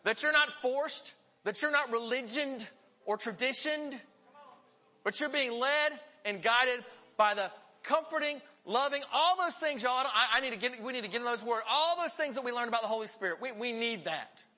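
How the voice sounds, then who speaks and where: Preaching live to his congregation, a male pastor speaks at a moderate pace in a high, bright voice that echoes with long reverb around the church hall. His storytelling is earnest and animated.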